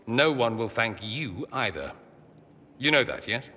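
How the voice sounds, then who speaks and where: A sassy quick-witted mage dude, bright voice, swings all over, big reverb. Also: male voice, mid-range voice, sing-song, a little hiss or hum. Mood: wry. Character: witty, sardonic young male mage, exiled nobleman. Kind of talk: video game voice acting.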